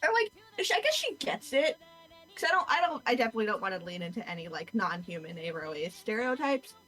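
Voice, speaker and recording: A woman chatting excitedly and casually with a friend, swearing now and then. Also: medium pitch, a little fast, faint music behind, poor audio. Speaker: streamer's friend. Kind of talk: casual chat.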